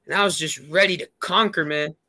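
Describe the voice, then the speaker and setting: A man's voice: a little high, fairly even intonation, brisk, bright, forceful tone. A man telling a rambling story in a casual chat, heavy on fillers.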